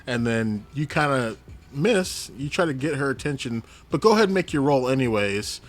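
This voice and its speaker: A man's voice: mid-range voice, sing-song, moderate pace. A man acting as game master, narrating a tabletop game to the players with chuckling asides. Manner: addresses players in second person, chuckling asides.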